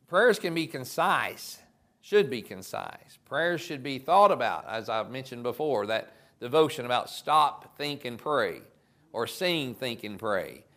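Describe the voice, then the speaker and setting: A man's voice: mid-range voice, expressive, measured pace, a bit bright. A man, a pastor, preaching a sermon in a conversational way, stopping and restarting as he goes and reading scripture aloud.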